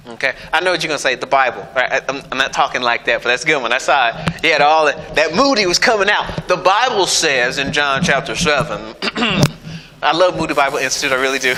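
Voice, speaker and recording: A male pastor preaching a sermon in a joking, animated way, often asking his listeners "right?". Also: sits high. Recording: long hall reverb, faint background noise.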